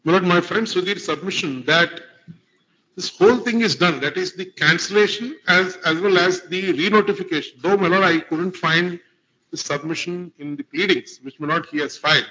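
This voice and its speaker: A man's voice: high voice, normal speed, pushed and bright. A man with an Indian accent arguing a case before judges, formal, addressing the bench as "my lord" throughout. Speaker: advocate arguing before a court. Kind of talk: courtroom legal argument. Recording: lo-fi courtroom livestream audio.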